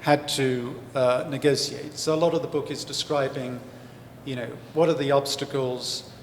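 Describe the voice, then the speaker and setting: A man's voice: medium pitch, fairly even intonation, normal speed, slight background noise. Man explaining in an echoey hall. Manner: thoughtful, explanatory, with many fillers and restarts. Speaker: author and historian, interview guest. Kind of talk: live festival interview. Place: large hall at a book festival. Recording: echoey hall with faint ambience.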